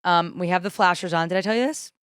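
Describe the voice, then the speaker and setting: A woman's voice: quick pace, clean tone, dry recording, studio quality. A young woman co-hosting a podcast, telling a story in casual chat and acting out angry quotes. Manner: animated, acts out angry quotes in a shrill voice. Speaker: podcast co-host.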